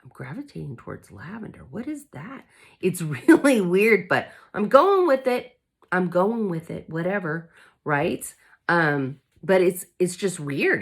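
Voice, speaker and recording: A woman with a low voice chats straight to her camera in a casual vlog. She speaks candidly and with feeling, recovering from an illness and set on fighting back. Her tone is open and personal, as if talking to friends. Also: fairly bright tone. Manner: candid, emotional, fighting spirit. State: recovering from covid. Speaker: vlogger.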